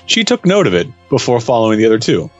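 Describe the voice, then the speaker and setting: A man reading a story aloud for comedy, his pitch rising and falling in a lively way. He stumbles, swears at the text and laughs at himself. The voice sits in an ordinary middle register. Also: fast talker, no echo, dull audio, soft background music. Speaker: reader.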